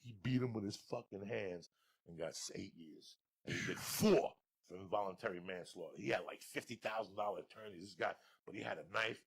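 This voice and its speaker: A man with a New York accent telling wild, profane stories as a podcast guest, breaking into booming laughs. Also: brisk, vocal fry, husky. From Cuba. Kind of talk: storytelling on a podcast.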